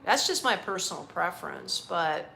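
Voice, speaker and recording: A woman's voice: lowish voice, animated, moderate pace, creaky, bright, forceful tone, a little hiss or hum. Blunt, swearing middle-aged American woman. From United States. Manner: blunt, swears freely, laughs often. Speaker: vlogger answering live chat. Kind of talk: casual live-stream chat.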